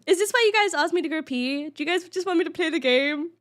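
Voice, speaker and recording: A woman's voice: very high voice, quick pace, fairly bright tone. A young woman streaming live, chatting playfully with her viewers and laughing often. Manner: giggly, playful, chatty with chat. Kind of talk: casual live-stream chat.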